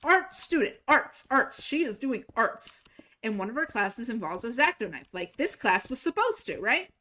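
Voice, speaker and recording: A woman's voice: fairly high pitch, big pitch swings, normal speed, bright, forceful tone, slight background noise. A young woman streamer telling a story in casual chat, swearing freely, laughing and acting out quoted lines. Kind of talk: casual storytelling while gaming.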